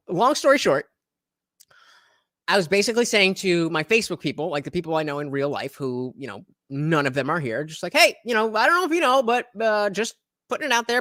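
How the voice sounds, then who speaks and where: Livestream host, man from New Jersey, very lively pitch, casual rambling chat commentary. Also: dry recording, clean studio sound. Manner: rambling, lots of fillers, animated.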